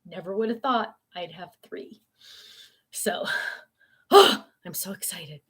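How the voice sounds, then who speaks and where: A woman's voice: lowish voice, expressive, takes it slowly, fairly bright tone, breathy edge. An older woman hosting a casual livestream from home, reading viewer comments aloud and chatting in a rambling way with many fillers. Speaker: live-stream host.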